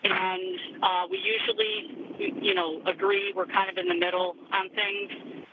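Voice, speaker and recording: A woman calling in to a radio talk show, speaking in a halting, conversational way with many fillers. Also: medium pitch, animated. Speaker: caller. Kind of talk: phone-in caller to talk radio. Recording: tinny phone line, faint hiss.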